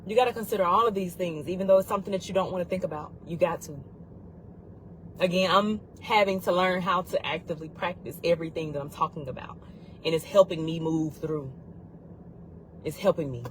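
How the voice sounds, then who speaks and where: A woman's voice: lowish voice, brisk, slight background noise, poor audio. A woman giving a heartfelt motivational talk on grief, earnest and urgent, repeating key phrases for emphasis. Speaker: grief support speaker.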